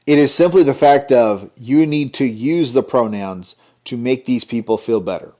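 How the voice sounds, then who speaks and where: Guy ranting sarcastically, fed up, mid-pitched voice. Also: moderate pace, a little mellow. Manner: sarcastic, indignant. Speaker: commentary vlogger. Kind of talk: ranting commentary.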